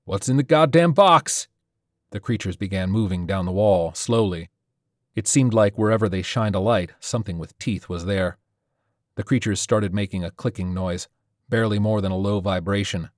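A man narrating a story in a steady, measured reading style. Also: low-pitched, dry recording, studio quality. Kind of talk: audiobook narration of a sci-fi horror story.

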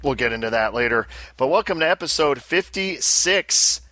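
A man's voice: medium pitch, expressive, quick pace, pushed and bright, no room sound. A man hosting a casual podcast, upbeat and joking with his co-host and guests.

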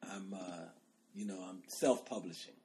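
A man's voice: low-pitched, moderate pace, dark tone, a little hiss or hum. A man, a guest author, talking in laid-back casual chat and laughing easily.

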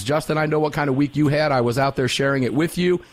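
A middle-aged man hosting a live talk radio show, energetic and folksy, sometimes drawing out words for emphasis. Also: medium pitch, quick pace.

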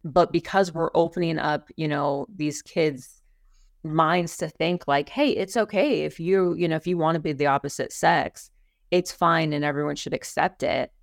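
A young woman co-hosts a podcast in loose, heated talk that rambles and restarts often. Her voice carries a gravelly, creaky texture at a middle pitch. The sound is close and dry, with no room around it. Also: steady tone, normal speed, dry recording. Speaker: podcast co-host. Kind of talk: casual opinion talk.

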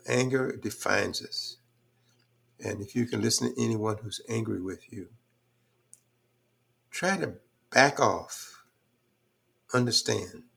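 There's a gravelly yet fairly bright quality to this older man's fairly low voice. As a podcast guest he muses in a reflective, thoughtful way, leaning on frequent fillers.

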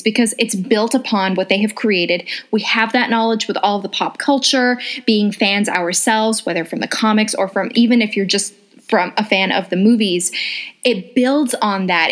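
Excitable woman co-hosting a podcast. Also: medium pitch. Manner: excitable, laughs often, swears casually. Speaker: podcast co-host. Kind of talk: casual chat.

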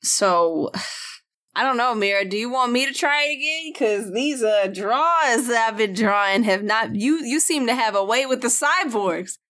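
Woman player thinking out loud, lots of ums and restarts. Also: a little high, lively intonation, measured pace. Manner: hesitant, many fillers and restarts. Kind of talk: casual tabletop play.

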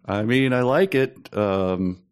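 A man's voice: medium pitch, slow pace, smooth, no room sound. A man co-hosting a casual podcast, joking dryly and hesitating with fillers as he guesses. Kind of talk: casual chat.

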